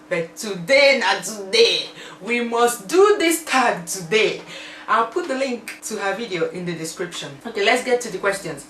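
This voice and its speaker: A woman's voice: mid-range voice, fairly bright tone, a little hiss or hum. A young Nigerian woman from the southeast, chatting playfully and laughing as she answers questions for a tag video. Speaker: vlogger. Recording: echoey room, voice from a distance.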